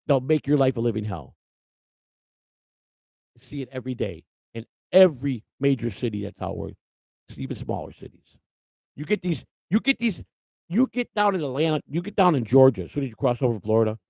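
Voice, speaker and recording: A man hosting a livestream, talking in a loose, blunt ramble that keeps restarting sentences. His voice has a gravelly fry at a middling pitch. The sound is close and dry. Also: darkish tone, no room sound, rough recording. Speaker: host. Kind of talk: casual livestream monologue.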